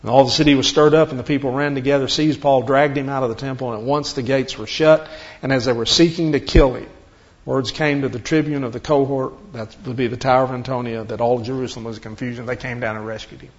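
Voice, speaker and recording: A man's voice: medium pitch, steady tone, quick pace. A man leading a conversational Bible study, explaining step by step and asking rhetorical questions. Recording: dull lo-fi recording.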